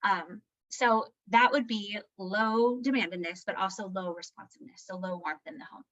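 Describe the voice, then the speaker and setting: A woman's voice: mid-range voice, normal speed, fairly bright tone. Woman giving a parenting workshop, chatty, says right a lot, kinda muffled lo-fi audio. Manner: conversational, tags points with "right?"; candid and self-deprecating. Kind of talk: live presentation. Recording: slightly muffled lo-fi sound.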